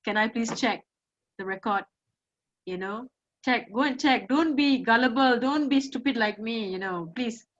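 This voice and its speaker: Woman, Malaysian English accent, emotional testimony, tearful, emphatic, slightly high voice, dull recording. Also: a little slow. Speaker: guest, survivor of domestic violence.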